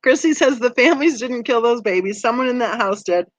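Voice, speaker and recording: Woman host, fairly high voice, chatty and laughing, reading viewer comments; dry, muffled lo-fi recording. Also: animated, a little fast, dry recording. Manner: chatty, conversational, laughs often. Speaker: true crime channel host. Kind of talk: livestream chat reading comments.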